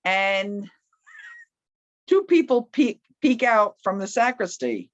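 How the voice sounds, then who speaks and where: A woman telling a personal story in a casual, loud and animated way, acting out the people she quotes. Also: mid-range voice, slow pace, no echo. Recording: slightly muffled, dry.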